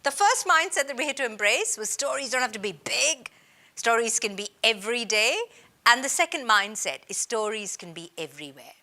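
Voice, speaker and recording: Bright, lively woman presenter. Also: fairly high pitch, normal speed. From India. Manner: lively, emphatic teaching delivery. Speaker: business storytelling presenter. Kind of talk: recorded training presentation. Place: based in Australia.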